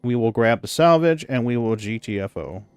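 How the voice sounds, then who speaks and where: A man live-streaming a game in an easygoing, blunt way, with a voice pitched right in the middle. He grumbles and curses about the game's mechanics, then drops into soft baby talk with his cat. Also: animated, normal speed, clear, resonant tone. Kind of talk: casual live-stream chat.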